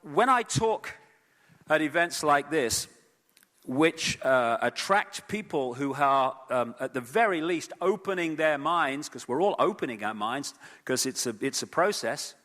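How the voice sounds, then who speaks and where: A man giving an animated lecture to a live audience at an event, with frequent fillers and repeated words. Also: a little high, measured pace, in a large hall. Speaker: speaker at an event. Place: event hall.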